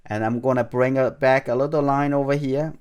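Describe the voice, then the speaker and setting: A man whose first language is Chinese, calmly talking through a charcoal drawing demonstration as an art teacher, thinking aloud as he works. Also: mid-range voice, a little fast, clean tone. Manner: calm, thinking aloud while drawing, non-native phrasing.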